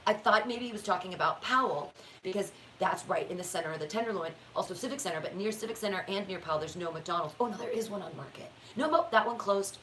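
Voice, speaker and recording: A woman hosting a casual talk show, ranting in an animated, sarcastic and profane way. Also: medium pitch, fast, slight background noise, poor audio. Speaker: podcast host. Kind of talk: casual conversational rant.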